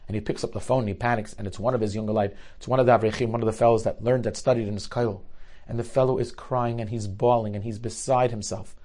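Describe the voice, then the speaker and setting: A man telling stories in a sermon, rising loud for climaxes and dropping low for tense moments, with Hebrew and Yiddish terms woven in. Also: fairly even intonation, quick pace. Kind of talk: storytelling sermon.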